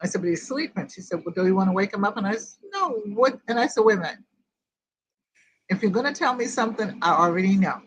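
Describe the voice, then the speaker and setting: An older woman shares a painful memory in casual group talk, and her voice sits at an ordinary middle pitch. She rambles through the story and replays every exchange with "I said" and "she said." Her delivery is plain, unpolished storytelling. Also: lively intonation, quick pace, slightly rough, rough recording. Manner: rambling retelling that quotes each conversation. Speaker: host of a grief group. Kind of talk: personal storytelling in casual chat.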